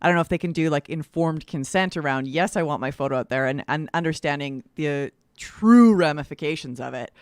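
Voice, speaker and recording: A woman co-hosting a casual talk show, speaking in a reflective, animated way about her own habits. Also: low-pitched, brisk, hardly any pauses, clear, resonant tone, no room sound, studio quality.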